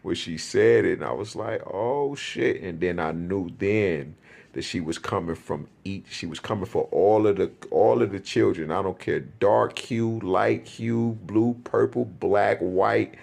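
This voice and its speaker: A man's voice: sits low, measured pace, gravelly, a little mellow. A man telling a spiritual experience in a rambling, profane, casual way, often repeating himself.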